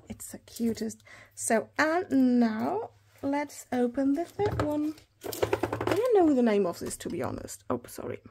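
A woman in her thirties chatting through an unboxing haul, gushing and excitable, often talking straight to her viewers. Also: sits high, creaky, noisy background. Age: 30s. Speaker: planner hobby vlogger.

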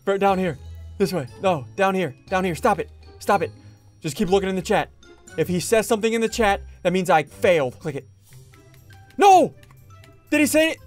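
A man hosting a gaming video, narrating his own moves in an excitable way and yelping or shouting when things go wrong. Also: high voice, fairly quick, soft background music. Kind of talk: Minecraft let's-play commentary.

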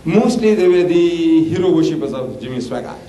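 An older man from Africa, giving an impassioned public lecture and answering questions, with animated, forceful swings of pitch. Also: brisk. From South Africa. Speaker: preacher and debater. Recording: roomy hall with faint hiss, archival tape.

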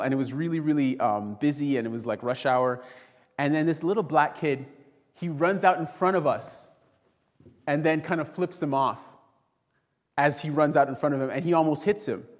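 A man preaching a sermon to a congregation, telling a story and acting out the voices of the people in it. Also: on the high side. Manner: storytelling, acts out quoted voices, addresses congregation as friends. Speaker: pastor. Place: church sanctuary. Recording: long reverb in a church hall.

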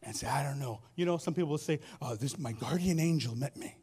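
A man preaching a sermon as pastor, telling stories with repeated phrases and swinging between loud and soft delivery. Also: mid-range voice, quick pace, husky. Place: church sanctuary.

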